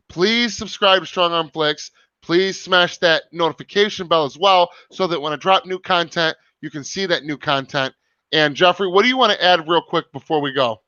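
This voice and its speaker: A man's voice: on the high side, pushed and bright, clean tone, no echo. A young man hosting a casual livestream over a video call, talking emphatically and swearing often. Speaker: livestream host. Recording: dull lo-fi stream audio.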